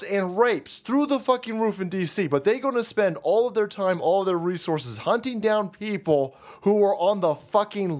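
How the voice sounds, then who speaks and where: A man hosting a commentary show, delivering a foul-mouthed, mocking political rant. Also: fairly high pitch.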